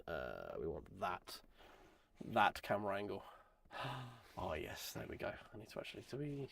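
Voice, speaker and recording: A man streams live and chats loosely as he works, his voice rough and gravelly from a chest infection. His speech sits on the low side and drifts along in a rambling, self-mocking way. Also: fairly bright tone. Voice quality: croaky, gravelly. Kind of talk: casual live-stream chat while building.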